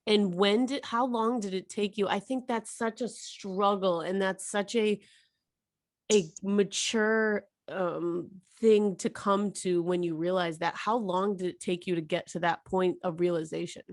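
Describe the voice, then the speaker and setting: A woman's voice: mid-range voice, fairly even intonation, unhurried, no echo, clean studio sound. A woman hosting a podcast interview, earnest and affirming as she asks questions. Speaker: podcast host. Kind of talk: interview conversation.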